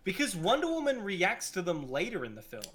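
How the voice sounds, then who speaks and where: A man's voice: high voice, wildly swooping pitch, fairly quick, fairly bright tone. A man co-hosting a podcast, chatting casually about a film and swearing as he retells scenes. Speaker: podcast co-host. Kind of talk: casual film review chat.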